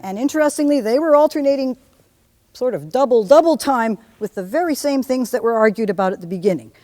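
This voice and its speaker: Animated woman lecturing on music theory. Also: fairly high pitch, a little fast, big-room sound. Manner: lively, hums and sings examples. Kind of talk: university lecture.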